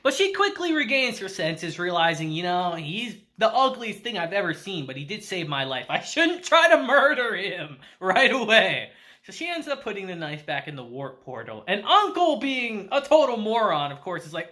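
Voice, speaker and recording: A man recapping an anime episode in a loose, slangy way, breaking into laughs as he goes. His pitch swings widely and his tone is bright and sharp. He talks with excited, chatty energy. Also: normal speed. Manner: animated, laughing often, slangy. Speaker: anime reviewer. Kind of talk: casual video review.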